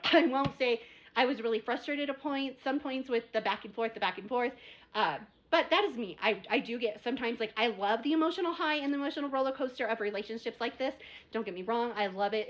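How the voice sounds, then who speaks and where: A woman's voice: on the high side, quick pace. A young adult woman chatting casually in a book review video, rambling and repeating herself as she gets worked up.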